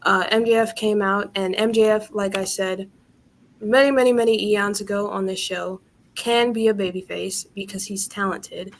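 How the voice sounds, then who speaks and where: Lively woman co-hosting a review show. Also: medium pitch, a little hiss or hum. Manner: lively, laughing, quick storyteller. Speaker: co-host of a wrestling review show. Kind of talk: casual chat.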